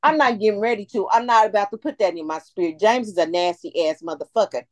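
A woman's voice: mid-range voice, fast talker, a little mellow, no echo. A woman ranting in heated, profane casual chat on a podcast.

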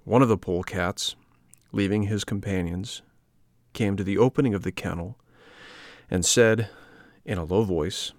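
A man reading a children's storybook aloud as narrator, in a measured, plain way. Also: low voice, no room sound, studio quality.

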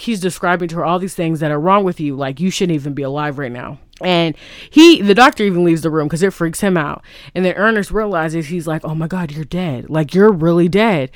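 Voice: mid-range voice, no room sound. A vlogger retells a film plot casually, rambling through restarts and "like". The voice sits in a mid range and sounds dry and close, with no room around it.

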